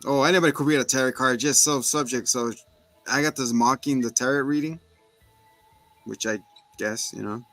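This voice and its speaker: A man's voice: mid-range voice, steady tone, normal speed, pauses often, a bit bright, no room sound, faint music behind. A man hosting a casual recap chat, talking animatedly and often slipping into character voices. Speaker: podcast co-host.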